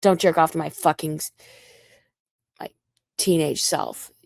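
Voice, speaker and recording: A woman's voice: sits low, fairly even intonation, a little slow, creaky, darkish tone, dry recording. A young American woman livestreaming, ranting in a rambling, heated and profane way. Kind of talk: casual livestream rant.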